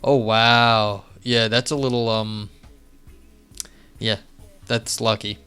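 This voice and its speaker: A man's voice: lowish voice, level tone, slow pace, bright, forceful tone, clean tone. A man streaming live, chatting casually and rambling with lots of fillers and restarts. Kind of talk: casual live-stream chat and reading aloud. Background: faint music.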